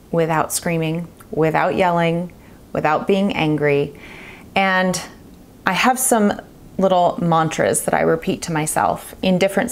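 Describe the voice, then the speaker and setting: A woman in her thirties giving earnest parenting advice straight to camera, stressing her points by repeating them. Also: fairly low pitch. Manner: earnest, emphatic, repeats key phrases. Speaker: parenting vlogger. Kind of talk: direct-to-camera advice talk.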